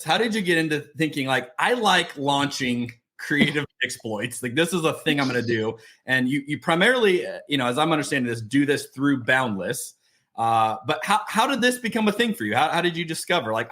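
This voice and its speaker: A man's voice: on the high side, fairly bright tone. A man hosting a podcast, a pastor who speaks in a reflective, conversational way with hesitant restarts.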